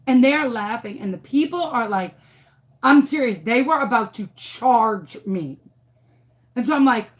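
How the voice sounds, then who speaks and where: A woman's voice: fairly high pitch, normal speed. A woman in her thirties, a former teacher telling a dramatic story casually during a craft tutorial. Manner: animated, dramatic, acts out what people said.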